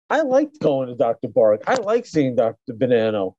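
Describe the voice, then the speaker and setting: A man's voice: medium pitch, huge pitch swings, normal speed, warm tone, dull audio, a little hiss or hum. A middle-aged man, a chiropractor, telling his story in a casual interview with many restarts and fillers. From New York. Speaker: chiropractor guest.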